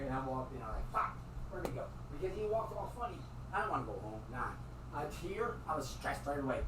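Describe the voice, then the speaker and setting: A man tells a loose, wandering story in a somewhat high voice, swearing freely and breaking into laughter. He sounds set back from the microphone, with a faint hiss of noise behind him. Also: far from the mic. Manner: rambling and profane, laughing often. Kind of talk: casual storytelling.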